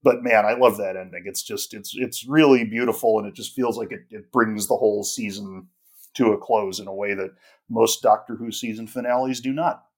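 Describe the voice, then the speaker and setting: A man co-hosting a podcast, talking in a casual, animated and opinionated way, full of restarts and "like". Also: fairly low pitch, normal speed. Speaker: podcast co-host.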